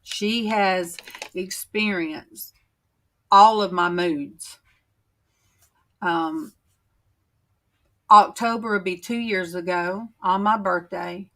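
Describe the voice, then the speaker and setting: A woman chatting on her faith livestream, talking slowly and emotionally with many pauses and fillers. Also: on the low side, steady tone, a bit bright. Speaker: channel host on a faith livestream. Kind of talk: casual chat, reading viewer comments.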